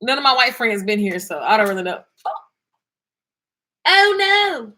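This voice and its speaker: A woman, talking casually and preachily to her viewers in a vlog, with quick asides and laughs. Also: a little high, very animated, pushed and bright. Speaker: vlogger and singer. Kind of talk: casual inspirational talk to viewers.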